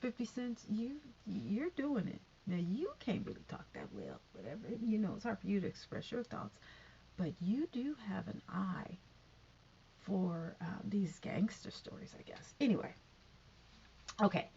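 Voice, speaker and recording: A woman's voice: mid-range voice, big pitch swings, a little slow, gravelly, dark tone, highs cut off, a little hiss or hum. A woman casually recapping a TV episode, rambling with lots of fillers and tangents.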